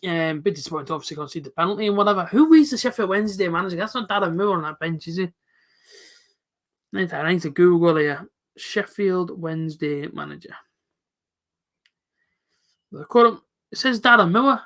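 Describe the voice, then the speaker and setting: A young man with a high, bright voice hosts a live football reaction stream. He chats casually with his viewers, answering them by name in loose, everyday slang. The talk is relaxed and unscripted. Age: late 20s. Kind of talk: casual live commentary reading chat.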